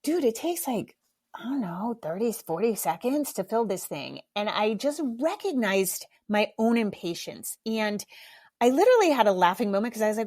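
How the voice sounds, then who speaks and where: A woman's voice: on the high side, expressive, fairly quick, darkish tone. Chatty, candid woman podcast host. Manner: chatty, candid, swears casually, laughs at herself. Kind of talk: casual solo podcast talk.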